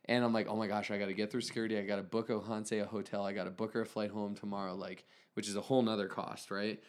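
A man in his thirties co-hosting a podcast, telling a story in a steady, laid-back way. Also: lowish voice, quick pace. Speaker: podcast co-host. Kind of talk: casual storytelling chat.

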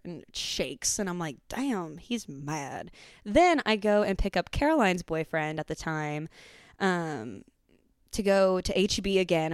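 Woman telling a story, smooth voice. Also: lowish voice, no echo, clean studio sound. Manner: animated, swearing, fillers like "like". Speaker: podcast host. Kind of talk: casual storytelling chat.

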